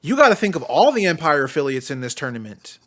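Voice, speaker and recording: A man with a high voice chats on a wrestling podcast, his pitch swinging all over as he gets worked up. He swears freely and breaks into laughs, rattling off opinions in a loose, excitable way. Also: quick pace. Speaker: podcast host. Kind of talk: casual wrestling podcast chat.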